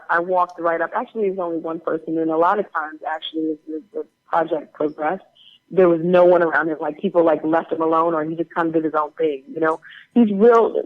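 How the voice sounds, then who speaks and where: A woman guest on an interview show, telling animated stories in a casual way with lots of fillers. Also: low-pitched, phone-quality sound. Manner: animated, chatty anecdote-telling with many fillers. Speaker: guest actor.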